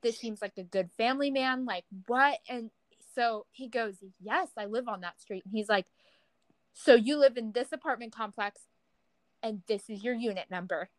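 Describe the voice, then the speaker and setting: A young woman co-hosting a podcast, chatting casually and telling an animated story, acting out quoted people with big pitch jumps. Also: normal speed, no room sound, rough recording. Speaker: podcast co-host. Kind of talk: casual chat.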